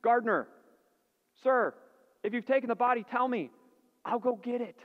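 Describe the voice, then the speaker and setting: A frantic grieving woman, begging in a high, strained voice, as a male preacher acts her out. The sound is dull and rings with a long church-hall echo. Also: moderate pace. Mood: pleading. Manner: pleading, urgent.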